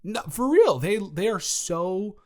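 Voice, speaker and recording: A man's voice: high voice, sing-song, takes it slowly. A young man improvising an audio role-play, talking in a flustered, rambling way with many stammering restarts.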